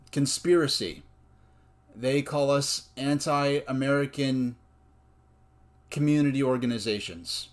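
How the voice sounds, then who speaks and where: A man giving a personal commentary monologue in a deliberate, earnest way, with many pauses. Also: medium pitch. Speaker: video essayist.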